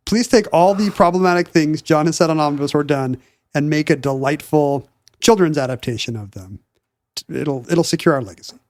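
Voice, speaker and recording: A wry, bookish man riffs in casual podcast chat. His voice is a bit high. It sounds close and dry, with no room around it. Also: a little fast, a little mellow, no room sound. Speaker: podcast co-host.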